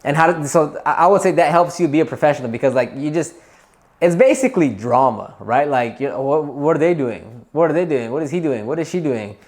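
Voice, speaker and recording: A man hosting a detailing business channel, giving casual advice straight to camera in an animated, emphatic way, repeating himself and using many fillers. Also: fairly high pitch, fairly quick.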